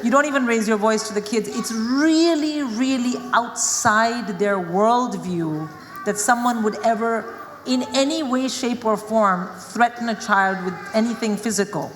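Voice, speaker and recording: A woman's voice: a little high, unhurried, hardly any pauses. A woman from India, moderating a live panel and telling anecdotes with frequent laughter. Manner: chatty, laughing through anecdotes. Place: stage in a large hall with live audience. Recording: echoey hall, noisy room.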